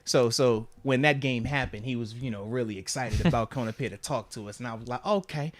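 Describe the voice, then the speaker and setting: A man co-hosting a casual sports podcast, talking in an animated way, laughing often and acting out his own asides. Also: medium pitch, fast talker. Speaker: podcast co-host, former NFL player.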